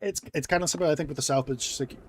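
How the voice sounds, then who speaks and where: A young man giving rambling casual commentary over a game, full of fillers and quick laughs. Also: on the high side, breathy edge. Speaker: gaming video creator.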